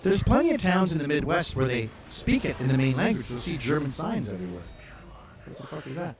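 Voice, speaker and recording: A man's voice: on the high side, sing-song, fairly quick, crowd noise. A man hosting a casual comedic chat, reacting to maps with profane wisecracks. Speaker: host.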